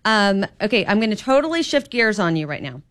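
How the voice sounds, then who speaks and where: A woman's voice: mid-range voice, sing-song, a little fast, fairly bright tone. A woman filling in as a radio host, chatty and hesitant, with many fillers. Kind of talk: casual radio interview.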